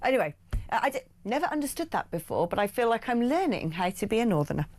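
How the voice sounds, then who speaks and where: A woman's voice: fairly high pitch, fast talker. A British woman hosting a radio phone-in show, talking chattily with lots of fillers, on a studio mic. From United Kingdom. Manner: chatty, animated, with many fillers. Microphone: studio microphone.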